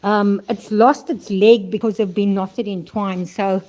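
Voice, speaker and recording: A woman's voice: mid-range voice, fairly even intonation, measured pace, a little mellow, slight background noise. An older woman from South Africa chatting casually in a vlog outdoors at a horse stable, rambling and talking fondly to her horses, recorded on a handheld phone. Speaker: vlogger.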